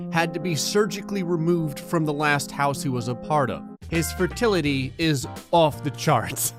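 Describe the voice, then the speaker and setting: Sarcastic man narrating a life-sim game. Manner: sarcastic, jumps into silly high voices. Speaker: gaming channel host. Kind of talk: comedic life-sim gameplay commentary.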